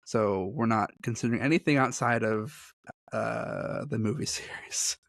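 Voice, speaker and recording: A man's voice: medium pitch, a little slow, gravelly, no echo, studio quality. A man co-hosting a podcast in casual chat, rambling and self-deprecating, often breaking into laughter. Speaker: podcast co-host.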